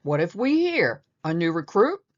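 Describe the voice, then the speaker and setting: A blustering old bull elephant colonel bellows and scolds in clipped parade-ground orders, as a woman puts him on in a storybook reading. The tone sits on the low side, and the sound is slightly muffled. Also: sing-song, normal speed. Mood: scolding. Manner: barking drill commands.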